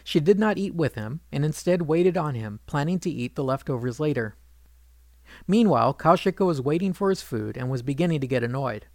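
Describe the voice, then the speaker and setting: A man reading a retold legend aloud in an even, measured narration, quoting the characters without putting on voices. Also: a little high, no echo. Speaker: storyteller.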